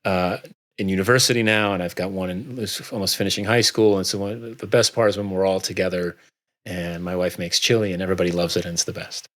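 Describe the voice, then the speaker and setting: Man, middle-aged guest, easygoing, meandering speech, lowish voice. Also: fast talker. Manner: relaxed, rambling, many fillers. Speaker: guest author. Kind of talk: casual interview chat.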